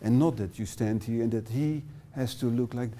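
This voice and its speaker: Dutch-accented middle-aged male trainer, mellow tone, halting English with fillers, small classroom. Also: mid-range voice. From Netherlands. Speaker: workshop trainer. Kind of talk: live workshop presentation.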